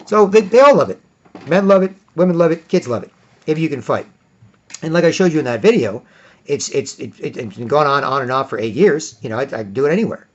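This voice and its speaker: A man's voice: lively intonation, brisk. Rambling man on a lo-fi recording. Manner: acts out others in high mocking voices. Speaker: commentator. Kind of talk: rambling monologue. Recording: dull lo-fi recording.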